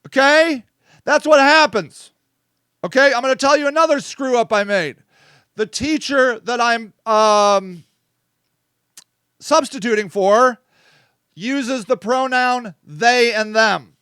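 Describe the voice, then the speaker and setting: Host type: blunt man who swears, fairly high and smooth voice, dry close sound. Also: slow, long pauses, sharp tone, no room sound. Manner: blunt, swears, repeats "okay?". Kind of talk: casual live-stream monologue.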